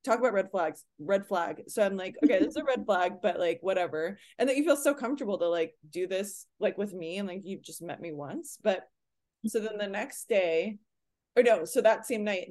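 A young woman in casual podcast chat, telling a dating story with lots of "like" and acted-out quotes. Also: mid-range voice. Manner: animated storytelling, heavy on "like", acts out quotes. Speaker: podcast co-host.

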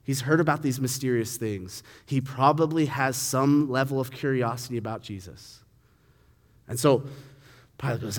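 A man's voice: medium pitch, a little fast, a little mellow, big-room sound. A man giving a casual sermon on a Bible passage. He keeps asking his listeners questions and acts out the quoted lines. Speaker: preacher.

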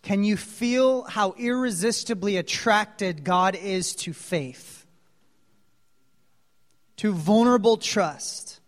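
A man tells a dramatic sermon story slowly and in a high pitch. He shifts from quiet asides to loud cries, asks the audience questions, and his words hang in the hall's long reverb.

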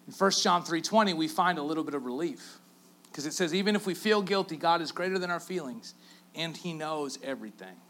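A male pastor with a Canadian accent preaching a sermon, telling the story with lively, acted-out quotes and dropping to quiet asides for emphasis. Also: fairly high pitch, fairly quick. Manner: animated storytelling, acting out quotes; drops to a near-whisper for emphasis.

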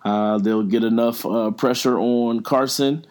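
A man of average pitch chatting casually about sports picks. His delivery is loose, rambling and teasing, packed with fillers and easy laughter. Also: fairly even intonation, a little slow, a little mellow. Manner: joking, rambling, apologetic teasing. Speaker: podcast co-host.

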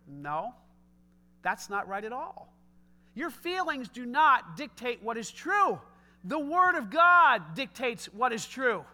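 Male pastor, middle-aged, high bright voice, emphatic casual preaching. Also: big pitch swings, measured pace. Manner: emphatic, conversational preaching with rising shouts. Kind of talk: sermon.

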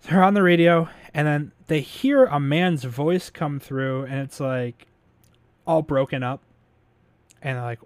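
A man's voice: on the high side, unhurried, long pauses, no echo. A man casually recapping a movie plot, rambling with lots of fillers, laughing and swearing now and then. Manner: rambling, filler-heavy retelling with frequent laughs. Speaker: podcast host recapping a movie. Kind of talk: casual chat.

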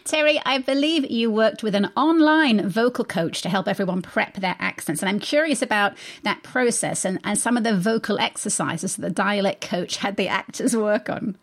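A woman's voice: medium pitch, normal speed, few pauses. A woman with an English accent hosting a radio interview, asking direct, poised questions. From England. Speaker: radio host.

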